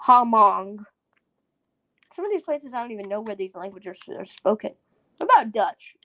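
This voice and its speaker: A woman's voice: medium pitch, animated, moderate pace, a bit bright, dry recording. A woman hosting a casual solo podcast, rambling and giggling as she sounds out foreign words. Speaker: podcast host.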